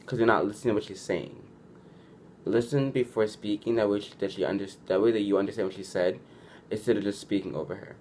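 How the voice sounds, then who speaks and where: Young dude vlogging advice, lowish voice, says like a ton, super casual. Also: male voice, fast talker, darkish tone, slight background noise. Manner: chatty, heavy use of "like", restarts, acts out quoted lines.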